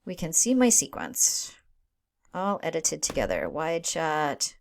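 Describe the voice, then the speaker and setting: A woman with a slightly low voice walks through a video-editing tutorial in a relaxed, conversational way. She thinks aloud as she works and keeps checking in with her listeners. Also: takes it slowly. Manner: casual, thinks aloud, checks in with frequent "right?". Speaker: instructor. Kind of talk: screen-recorded software tutorial.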